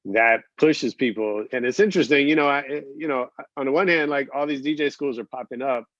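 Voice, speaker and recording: A man's voice: medium pitch, a little fast, fairly bright tone, dry recording. A male podcast host reflects aloud, threading his thoughts with fillers and easy affirmations. His voice sounds dry and close, with a slightly dull, muffled top end. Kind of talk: podcast interview.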